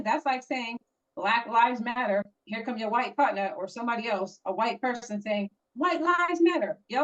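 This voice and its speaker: A woman co-hosting a casual podcast, telling a story in a heated, emphatic way. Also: a little high. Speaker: podcast co-host. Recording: dull lo-fi audio.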